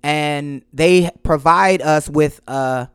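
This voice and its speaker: A man's voice: a little high, takes it slowly, fairly bright tone, smooth, dry recording, clean studio sound. A man co-hosting a casual chat, telling a family story animatedly and teasing his wife. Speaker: podcast co-host.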